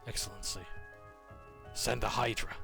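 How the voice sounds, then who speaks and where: A man voicing a calm, authoritative male warden who makes decisions in a tabletop game. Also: lowish voice, moderate pace, creaky, music in the background. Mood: decisive.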